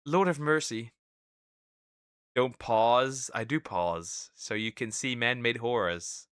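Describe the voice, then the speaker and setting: A man streaming, reacting to clips with exasperated, swearing commentary that bursts into laughs and shouts. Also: medium pitch, takes it slowly, clean tone, dry recording, studio quality.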